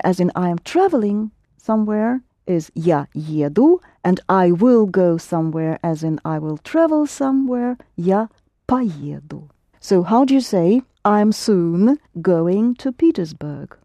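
A woman leads a language lesson, coaxing answers from students and repeating each phrase slowly. Her voice is mellow and close, with no room sound around it. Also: mid-range voice, expressive, no room sound. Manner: patient, prompting and correcting, slows for Russian words. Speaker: Russian language teacher.

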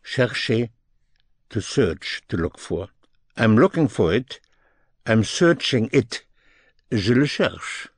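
Man, language teacher, very slow deliberate delivery, dry close sound, patient repetition. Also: fairly low pitch, big pitch swings, husky, no room sound. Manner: repeats phrases in English and French, explains patiently. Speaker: French teacher.

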